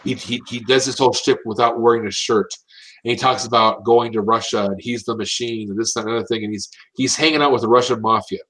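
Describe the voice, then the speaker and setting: An American man talks politics with pressing urgency at a medium pitch. He hammers his points home and keeps circling back with repeated phrases and restarts, sounding like a commentator who is fired up. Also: steady tone, quick pace, a bit bright, low-quality recording. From United States.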